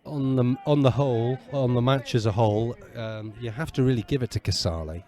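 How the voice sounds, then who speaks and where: A man with a mellow, rounded voice chats casually outdoors at a football ground. He plays the patient teacher, spelling out Italian words slowly. He keeps a teasing, easygoing tone while he comments on the game. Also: mid-range voice. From England. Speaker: podcast co-host. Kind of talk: casual match commentary and banter.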